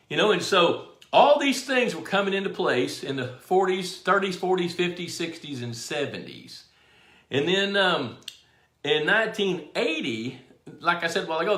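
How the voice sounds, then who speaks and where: Folksy man with a bright voice, echoey room. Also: a little high. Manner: folksy storyteller, greets viewers by name. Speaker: show host. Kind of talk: live-streamed talk.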